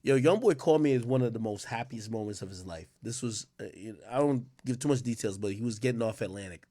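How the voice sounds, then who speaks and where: A man hosting a casual livestream, telling stories in a rambling, animated way with many fillers. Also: mid-range voice, quick pace. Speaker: livestream host.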